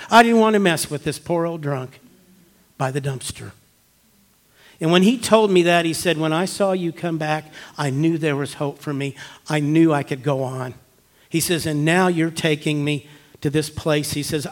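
A male pastor delivers a storytelling sermon in church. His voice sits somewhat high for a man. He drops to near-whispers for tense moments and lifts into loud, urgent appeals. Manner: storytelling, swings from hushed to emphatic.

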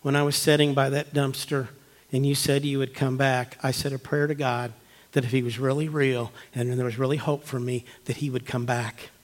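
Storytelling pastor, hushed then emphatic. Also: male voice, medium pitch, flat delivery, normal speed. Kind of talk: sermon. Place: church.

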